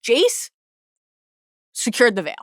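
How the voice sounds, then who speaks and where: A woman co-hosting a podcast in casual chat, teasing playfully and chiming in with quick agreement. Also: a little high, huge pitch swings, no room sound, studio quality. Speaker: podcast co-host.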